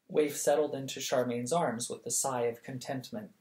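A reader narrating a novel for bedtime at a steady, lively pace. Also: mid-range voice, normal speed, few pauses. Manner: steady, lively, acts out the dialogue. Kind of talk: audiobook reading of a novel. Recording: echoey room.

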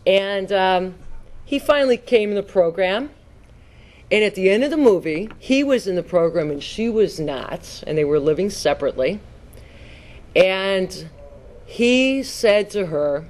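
A woman's voice: medium pitch, lively intonation, measured pace, a little mellow. Earnest woman telling her recovery story. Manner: conversational storytelling with fillers and restarts. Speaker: speaker sharing at a recovery meeting. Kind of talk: personal recovery testimony.

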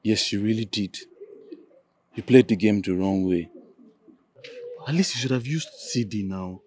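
A man's voice: lowish voice, measured pace, a little mellow, a little hiss or hum, close to an everyday voice. A young man with a Nigerian accent playing a blunt teen boy who earnestly advises his friend.

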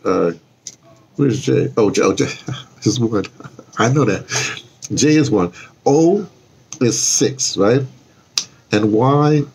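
A man's voice: lowish voice, slightly rough. An older man chatting loosely on a live stream from outdoors, wandering off topic and correcting himself as he goes. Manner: meandering, self-interrupting, chuckling asides. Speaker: vlogger. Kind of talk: rambling live-stream chat. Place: outdoors in the cold.

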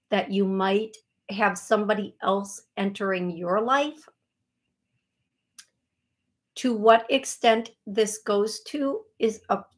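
A woman hosting a call-in radio show as a psychic medium, giving a caller a reading in an unhurried, self-deprecating way with an American accent. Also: medium pitch.

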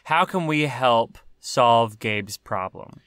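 A man co-hosting a podcast, chatting casually with deadpan, absurd humor. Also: mid-range voice, takes it slowly, smooth, no echo, clean studio sound. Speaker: podcast co-host. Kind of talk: casual chat.

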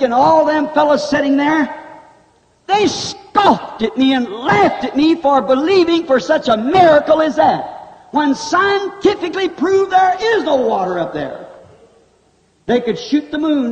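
A man's voice: very high voice, muffled recording. A man preaching a revival sermon in a fervent, folksy style with country grammar, recorded in a church hall on old tape.

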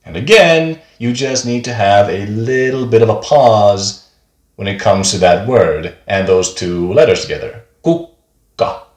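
A man's voice: on the low side, a little slow. A man teaching a beginner pronunciation lesson, speaking patiently and repeating each example word twice. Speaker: language teacher. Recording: echoey room.

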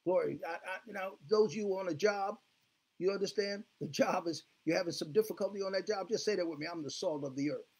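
Talking fast in a high, slightly mellow voice with a breathy edge, this male pastor delivers a fervent sermon. He keeps crying "glory be to God, hallelujah" and draws call-and-response from the congregation.

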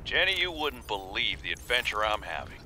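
An actor playing a cheerful young man far from home, chatty and animated. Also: lowish voice, fairly quick, slight background noise, full character voice.

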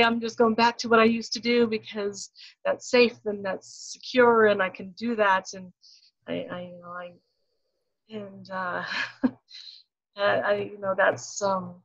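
Slow, hesitant woman in her forties. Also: mid-range voice. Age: 40s. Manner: hesitant, many restarts. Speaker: course participant. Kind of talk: casual chat. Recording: muffled lo-fi audio.

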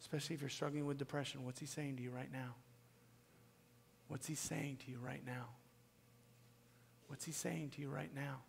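A man preaching a sermon to his church, swinging from loud, pleading peaks down to a hushed whisper. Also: medium pitch, little pitch movement, moderate pace, vocal fry, pauses often, a little hiss or hum. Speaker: pastor. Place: church sanctuary. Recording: long reverb of a church hall.

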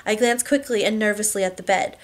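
A woman reading a romance novel aloud in a steady, even first-person narration. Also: medium pitch, a little fast. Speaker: audiobook reader.

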